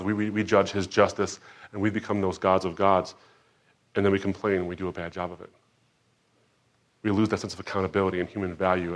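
A man preaching a sermon, moving from quiet reflection to loud, emphatic outbursts and acting out quoted voices. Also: low voice. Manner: dramatic, swings between soft reflection and loud emphatic outbursts.

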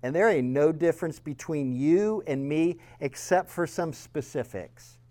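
A man with a Southern accent giving a sermon-style teaching talk, telling stories earnestly and swinging between loud emphasis and soft, quiet lines. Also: a little high, measured pace. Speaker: speaker.

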